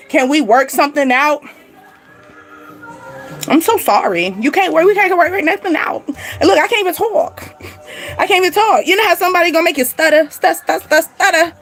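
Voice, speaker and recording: With faint music underneath, a high-voiced woman gives a casual spiritual reading to her channel's viewers. Sassy and animated, she laughs often and speaks right to the listener.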